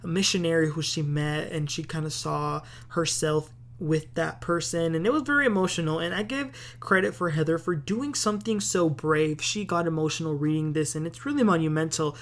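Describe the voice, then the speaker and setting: A woman's voice: sits low, moderate pace, few pauses. A woman hosting a casual TV recap, chatty and opinionated, with plenty of filler words. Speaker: host.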